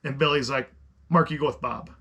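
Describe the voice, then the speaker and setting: A man's voice: medium pitch, fairly quick, husky. A middle-aged man co-hosting a podcast, telling a story in casual chat with lots of restarts and rambling asides. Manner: animated, rambling with many restarts. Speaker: podcast co-host.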